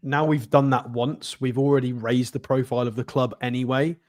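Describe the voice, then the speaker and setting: A man's voice: medium pitch, flat delivery, fairly quick. A man co-hosting a casual live stream, joking and easygoing. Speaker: co-host.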